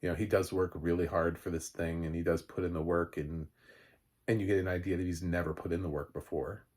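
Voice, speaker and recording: A man with a deep, husky voice talks through a movie review as a loose, unscripted ramble. He stops, restarts and searches for words often, letting out an occasional chuckle. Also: fairly even intonation, brisk, darkish tone. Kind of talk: casual spoken review.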